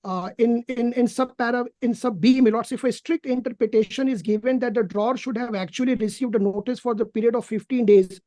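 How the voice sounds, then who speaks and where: A woman with an Indian English accent arguing as an advocate in court, deferential and halting, repeating "my lords" again and again. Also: a little high, dark tone, no room sound. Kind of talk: courtroom argument. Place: courtroom, on a video hearing feed.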